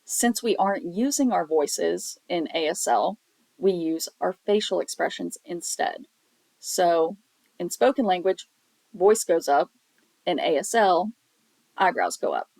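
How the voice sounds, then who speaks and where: A woman teaching a sign language lesson, explaining step by step in a patient, plain way, often pausing on um. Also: on the low side, expressive, creaky, a little mellow, no echo, low-quality recording. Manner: patient, explanatory, with frequent um fillers. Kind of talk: recorded classroom lesson.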